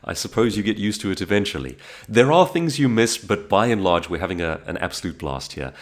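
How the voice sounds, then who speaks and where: South african guy vlogging, lowish voice, pitch jumping all over as he tells stories. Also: a little fast. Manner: animated storytelling with frequent restarts. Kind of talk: casual monologue to camera.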